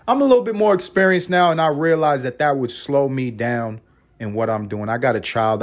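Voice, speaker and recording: A young American podcast host tells a story on his own in a casual, chatty way. He's animated, and his pitch and volume swing widely.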